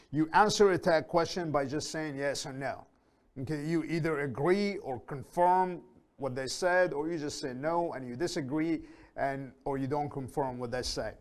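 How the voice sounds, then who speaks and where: A man teaching an English grammar lesson, reading example sentences slowly and repeating them for learners, with fillers and small self-corrections. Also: fairly high pitch. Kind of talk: slow, deliberate lesson explanation.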